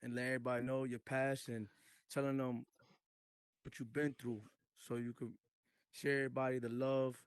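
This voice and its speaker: A man in an online voice chat who speaks earnestly and haltingly, offering comfort and religious encouragement. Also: medium pitch, little pitch movement, clean tone, dry recording. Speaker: participant. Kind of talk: casual group voice chat.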